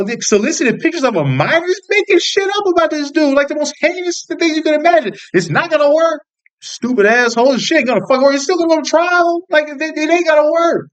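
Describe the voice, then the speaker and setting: A man's voice: very high-pitched, a bit bright. Fired-up young man ranting. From United States. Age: young adult. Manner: angry, profane, rambling rant with many restarts. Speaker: vlogger. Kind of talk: political commentary rant.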